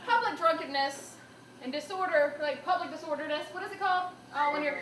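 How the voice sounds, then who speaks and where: A young woman performing a stand-up comedy set in a small venue, telling a self-mocking story with bursts of shouted punchlines. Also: sits high, brisk, a loud crowd. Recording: roomy, distant live recording with faint noise.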